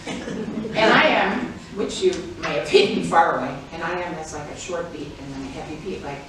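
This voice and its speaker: A woman's voice: deep voice, normal speed. Woman performer, chatty and profane comic delivery, very reverberant space. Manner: chatty, profane and playful, laughing often. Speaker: stage performer. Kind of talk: comedic spoken-word performance. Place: live performance venue. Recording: very echoey room, mic far off, audible noise.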